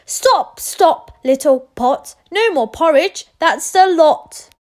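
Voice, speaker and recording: A woman's voice: extremely high pitch, expressive, slow pace, voice pushed up, exaggerated voice. A woman doing a firm young girl chanting a rhyme. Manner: sing-song chanting of a rhyme. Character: young girl, calm and sure.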